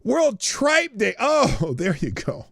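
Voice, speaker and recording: Sarcastic, lively American man hosting a stream. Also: sits high, slow pace, creaky, no echo, studio quality. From United States. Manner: sarcastic, laughs at his own jokes. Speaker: live-stream host. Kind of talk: casual solo live-stream commentary.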